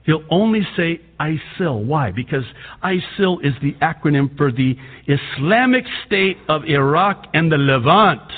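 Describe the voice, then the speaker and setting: A Lebanese-born man whose first language is Arabic, preaching a fervent sermon that swings between loud outbursts and quiet asides. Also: a little high, expressive, unhurried, few pauses. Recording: tinny phone-like sound with long hall reverb.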